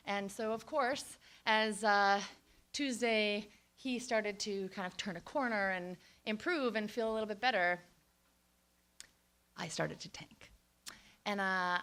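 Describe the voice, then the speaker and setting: A woman in her thirties telling a candid, lively personal story and acting out her own reactions. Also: mid-range voice.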